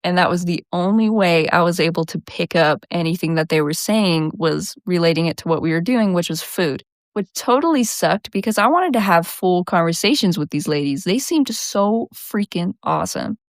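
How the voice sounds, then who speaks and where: A young woman with a slight Southwestern country twang tells a story to camera in a relaxed, drawling way. Her voice sits a little low, and she keeps checking in with listeners. The sound is close and dry. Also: moderate pace, few pauses, no echo. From New Mexico. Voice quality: slightly lazy, drawling speech. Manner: chatty, laid-back, frequent "right?" and "like". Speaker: vlogger.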